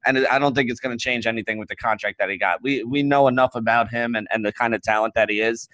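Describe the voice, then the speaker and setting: A man's voice: mid-range voice, fast talker, bright, forceful tone, no echo, lo-fi sound. A man talking sports casually, rambling and hedging with lots of fillers. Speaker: podcast panelist.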